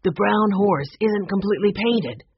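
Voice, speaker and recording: A woman voicing a steady, matter-of-fact teenage boy in a storybook reading. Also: medium pitch, unhurried, dull audio, a little hiss or hum, pitched above the performer's own voice, lightly acted. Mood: puzzled.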